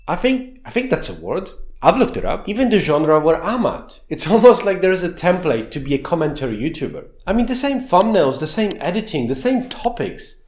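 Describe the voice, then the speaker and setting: A man hosting a commentary video, sarcastic and exasperated in a lively, expressive way. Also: high voice, slight background noise. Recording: roomy echo with faint background music.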